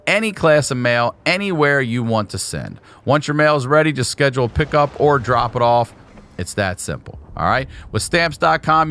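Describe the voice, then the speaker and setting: A man's voice: mid-range voice, a bit bright. A man hosting a podcast, giving an upbeat, chatty sponsor read in casual style. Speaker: podcast host.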